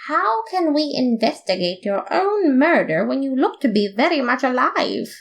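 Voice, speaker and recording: Woman doing Papyrus, high theatrical skeleton. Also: sing-song, moderate pace, gravelly, exaggerated voice. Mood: dramatic. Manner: dramatic, self-important. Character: excitable male skeleton detective, theatrical. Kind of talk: fan audiobook reading.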